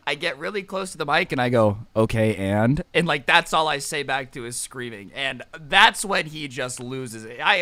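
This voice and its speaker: Guy doing a sarcastic storytime vlog, kinda high bright voice. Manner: sarcastic, joking asides. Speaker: storytime vlogger. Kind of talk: casual storytelling.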